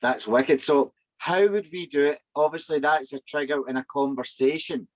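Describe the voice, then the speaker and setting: A man's voice: fairly high pitch, normal speed, no room sound, low-quality recording. Man asking rambling questions, dry sound. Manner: conversational, asks long rambling questions. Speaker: co-host. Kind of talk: casual podcast chat.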